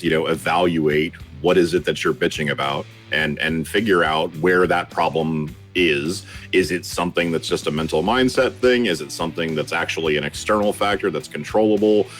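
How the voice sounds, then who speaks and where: Male podcast host, very low voice, measured recap, faint music behind. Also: fairly bright tone. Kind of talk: casual podcast chat, summing up.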